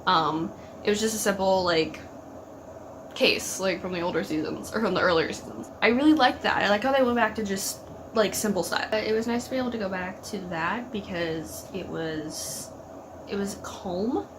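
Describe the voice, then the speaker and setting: Her voice sits in the mid-range and moves at a moderate pace, with background noise behind it. This young woman reacts to a TV episode for her vlog, chatting emotionally and gushingly, stuffing her speech with "like" and responding to the screen.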